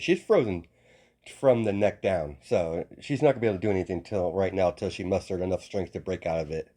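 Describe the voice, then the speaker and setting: A man improvising a fan story as narration, halting often with restarts and self-corrections. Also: lowish voice, warm tone.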